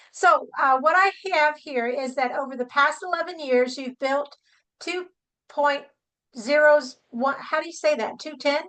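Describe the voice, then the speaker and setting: A woman's voice: high-pitched, normal speed, hardly any pauses, sharp tone, low-quality recording. A woman hosting a podcast interview, upbeat and enthusiastic. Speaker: podcast host. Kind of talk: interview introduction and chat.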